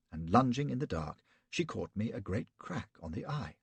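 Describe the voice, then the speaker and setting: A man's voice: on the low side, big pitch swings, normal speed, creaky, hardly any pauses, slightly rough, no room sound. A man narrating an audiobook in the first person, in a wry, sardonic storytelling manner.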